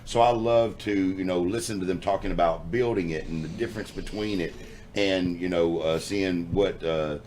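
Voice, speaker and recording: A man's voice: deep voice, moderate pace, darkish tone, a little hiss or hum. A man guest in a casual chat, talking hesitantly with many fillers. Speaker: podcast guest.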